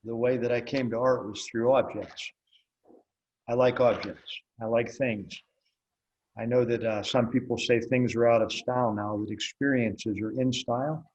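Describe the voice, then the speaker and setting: A man's voice: medium pitch, steady tone, moderate pace, a little mellow, muffled recording. An older man, an interviewed blacksmith, telling stories in a wry, folksy way, acting out the dialogue. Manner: folksy, wry storyteller who acts out dialogue. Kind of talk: relaxed storytelling in an interview.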